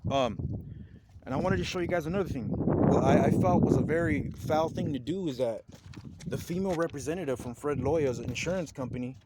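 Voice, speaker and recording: A man's voice: a little high, brisk, very noisy. A man giving an angry, rambling complaint to camera, indignant and repetitive, swearing as he goes. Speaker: vlogger filing a complaint.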